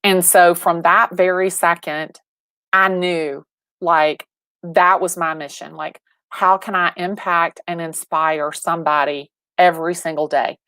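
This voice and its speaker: A woman in her forties, a real estate agent and guest, telling stories with lively acted-out dialogue over a video call. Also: lowish voice, measured pace, clear, resonant tone, dry recording. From Atlanta, Georgia. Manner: animated storyteller, acts out quoted dialogue, many restarts. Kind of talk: livestream interview storytelling.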